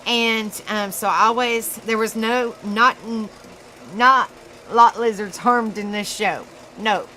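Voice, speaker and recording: A woman with a Southern US accent hosting a casual live stream, chatty and laughing at herself often, in a dark room. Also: on the high side, steady tone, slow, slight background noise, poor audio. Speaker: livestream host.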